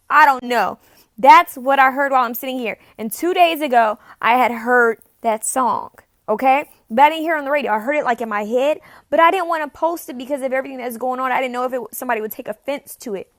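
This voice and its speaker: At home, a woman who calls herself a spirit medium gives a casual, confessional monologue about a message she feels she received. Her voice is high and a bit bright, captured dry at studio quality, and she speaks haltingly, repeating phrases and sometimes dropping to a near-whisper.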